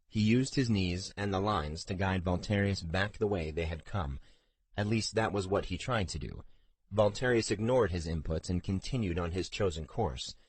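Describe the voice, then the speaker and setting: A man with a very low voice reads a fantasy audiobook in a measured, steady way. The recording is dry and close, with no room sound. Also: slightly rough, no room sound. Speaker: audiobook narrator. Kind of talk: scripted fantasy narration.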